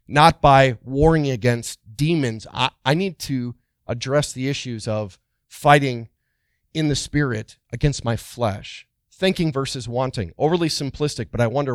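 A middle-aged male pastor delivering a sermon, full of rhetorical questions and light humor, swinging between quiet asides and loud, emphatic bursts. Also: medium pitch, smooth, no echo, studio quality.

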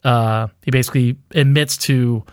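This podcast co-host speaks at medium pitch with fairly even intonation and a slightly mellow quality, keeping a moderate pace. He rambles through a theory in a casual chat, dropping lots of fillers and laughing at himself. The audio is studio quality with no echo.

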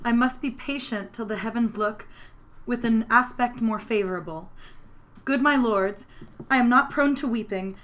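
A woman cold-reading a Shakespeare speech as a wronged, proud queen on trial, pausing for breath at every line. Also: on the high side, fairly bright tone, natural voice. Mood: grave.

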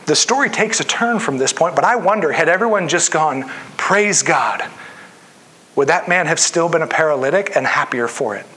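A man's voice: fairly high pitch, expressive, moderate pace, bright, forceful tone. A man preaching a sermon in an earnest way, reading scripture aloud and acting out the voices of people in the story. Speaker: pastor.

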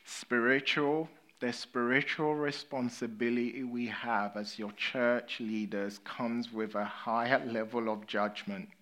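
An English-accented man preaching a sermon at an unhurried pace, his voice sitting in an ordinary middle pitch. He moves between lively storytelling and quiet, sobering emphasis. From England. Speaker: pastor.

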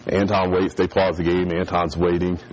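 A man's voice: low-pitched, moderate pace, muffled recording, slight background noise. A man preaching a sermon and telling a childhood story, acting out the voices of the people in it. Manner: animated storyteller who acts out voices.

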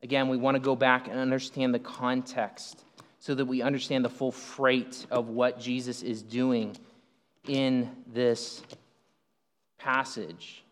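A man preaching a sermon as pastor, animated, acting out the people in the passage he explains. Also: medium pitch, takes it slowly. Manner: animated, acts out the speakers in the passage. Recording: long hall reverb.

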